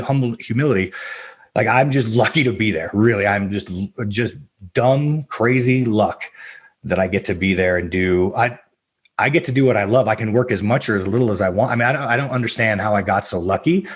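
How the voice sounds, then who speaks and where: Self-deprecating storytelling man, lower voice. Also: brisk, breathy edge. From US Southwest. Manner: animated, self-deprecating, laughs often, acts out quoted voices. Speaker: MMA coach, podcast guest. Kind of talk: casual storytelling interview.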